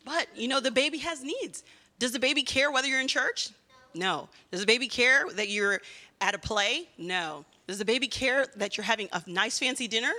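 Woman children's-church teacher, lively and questioning, with a bright, fairly high voice. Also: fairly quick, big-room sound. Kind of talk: children's sermon.

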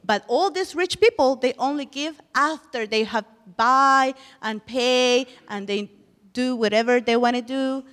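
A woman's voice: high voice, a little slow, a bit bright, big-room sound. A woman teaching a children's Bible lesson in a church, telling the story with animation and asking the children questions.

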